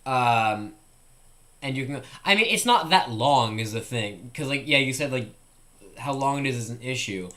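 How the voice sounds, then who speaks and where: Young guy live-streaming, mid-pitched voice, loose and rambling as he thinks aloud. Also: animated, moderate pace, pushed and bright. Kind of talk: casual live-stream chat.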